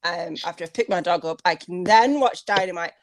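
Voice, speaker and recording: English woman on a podcast, talks fast n chatty, says like a lot, dry mic. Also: on the low side, no room sound. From England. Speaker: podcast co-host. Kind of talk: casual podcast chat.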